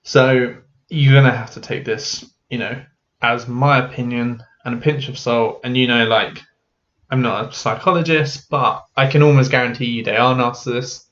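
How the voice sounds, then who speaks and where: A man talking candidly to camera as a mental health vlogger, frank and halting, with many fillers. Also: medium pitch, fairly even intonation, a bit bright. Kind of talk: candid personal talk to camera. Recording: dull lo-fi audio.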